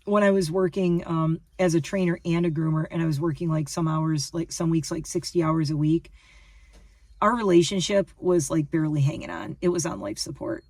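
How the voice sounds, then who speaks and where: A low-pitched, slightly mellow woman's voice at normal speed comes through with no echo from a distant mic. The speaker, a lifestyle vlogger in her fifties, chats loosely to her viewers on camera, emphatic, repetitive and often starting sentences again.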